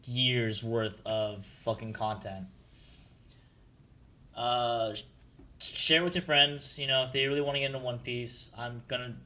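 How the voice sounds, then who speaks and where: A man's voice: mid-range voice, pushed and bright. A man narrating a casual anime recap in a profane, rambling way, full of ums and likes.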